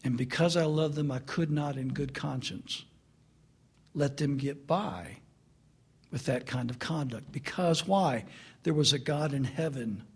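A middle-aged man preaching through a family story, swinging from loud laughter to hushed earnestness. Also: on the high side, a little slow, long pauses, husky. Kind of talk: storytelling sermon.

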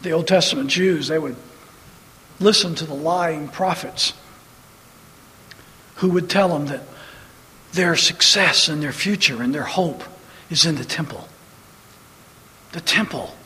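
A man's voice: on the high side, unhurried, pauses often, sharp tone, big-room sound, poor audio. A man preaching a sermon, quoting scripture and building to emphatic, repeated bursts.

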